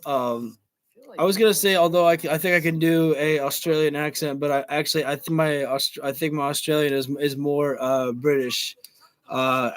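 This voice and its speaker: A man hosting a wrestling livestream, casually chatting with stumbling restarts and frequent self-deprecating laughs. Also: fairly high pitch. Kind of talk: casual live reaction commentary.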